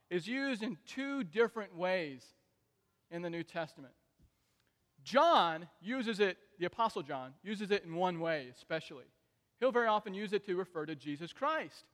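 A man preaching a sermon, shifting between soft asides and loud, emphatic peaks. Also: sits high. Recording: long reverb of a large hall.

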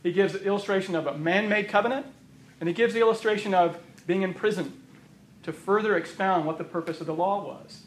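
A man preaching a sermon, emphatic and repeating phrases for stress, his voice going hoarse. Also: sits high, fairly quick, a little hiss or hum. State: losing his voice. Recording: roomy echo of a hall.

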